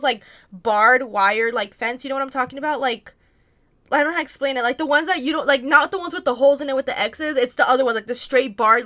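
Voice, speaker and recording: A woman's voice: high voice, bright, forceful tone. A young adult woman streamer telling a story in casual chat, rambling with constant "like" fillers and frequent swearing. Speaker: streamer answering viewer questions.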